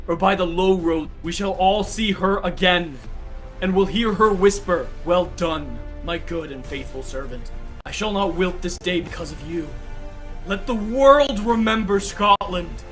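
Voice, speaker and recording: A man voicing a rousing high-voiced war commander. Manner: rallying, rising to shouts. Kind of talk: audio drama war speech.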